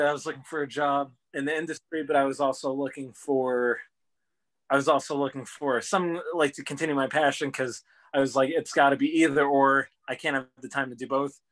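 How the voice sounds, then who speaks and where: A man's voice: mid-range voice, fairly even intonation, normal speed, a bit bright. A man in his twenties, a guest on a chat show, talking eagerly about his work in a casual, rambling way. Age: 20s. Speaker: podcast guest.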